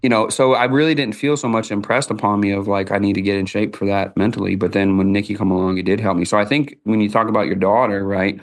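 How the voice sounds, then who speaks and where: Male podcast host, middle-aged, gravelly low voice, folksy storyteller. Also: fairly even intonation, quick pace, hardly any pauses. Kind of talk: casual podcast interview.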